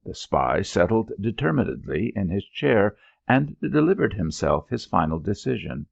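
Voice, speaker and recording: A man narrating an audiobook in an expressive storytelling manner. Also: low voice, moderate pace, creaky, hardly any pauses, dry recording, lo-fi sound. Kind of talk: scripted narration.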